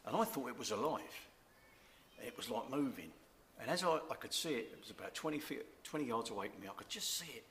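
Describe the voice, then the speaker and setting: A man's voice: mid-range voice, animated, quick pace, a bit bright, a little hiss or hum. An older man sharing a personal faith testimony, earnest and reflective, repeating key words. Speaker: church member giving testimony.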